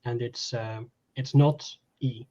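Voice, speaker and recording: A man's voice: mid-range voice, steady tone, takes it slowly, mellow, a little hiss or hum. A man co-hosting a casual chat, earnest and fussy about pronunciation. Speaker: co-host. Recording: dull lo-fi sound.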